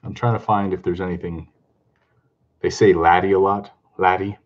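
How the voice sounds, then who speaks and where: A talkative man hosts a casual live stream and keeps greeting viewers between laughs. His voice sits on the low side and comes through with a dull, lo-fi recording. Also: moderate pace. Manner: excitable and chatty, greets viewers, laughs often. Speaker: comic book vlogger hosting a live stream.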